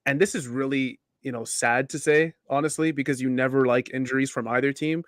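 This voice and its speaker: A chatty man hosting a sports talk stream, reading out comments and laughing between points. His voice sits at a mid pitch and sounds dry and close, with no room around it. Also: fairly even intonation, brisk, no echo. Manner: chatty, reads viewer comments, laughs often. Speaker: podcast host. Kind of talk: casual sports talk show.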